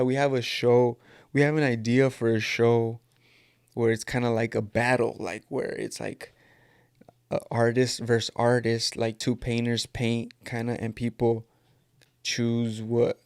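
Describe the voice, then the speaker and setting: A man's voice: medium pitch, vocal fry, darkish tone, smooth, no room sound, clean studio sound. A man in his thirties with a California Mexican-American Spanglish accent, hosting a podcast in rambling, joking casual chat. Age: 30s. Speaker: podcast host. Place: at home. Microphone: camera.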